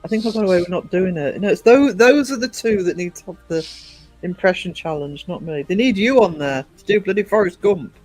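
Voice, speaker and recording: Northern English man, high voice, playful banter, faint music behind. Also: expressive, a little fast, rough recording. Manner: playful, jokey, laughing often. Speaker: livestream host. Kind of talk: casual chat.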